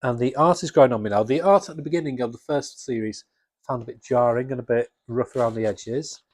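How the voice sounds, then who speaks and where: A man with a husky voice chatting casually and enthusiastically about comics, rambling with restarts. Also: mid-range voice, fast, no echo. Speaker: comics vlogger. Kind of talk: casual chat.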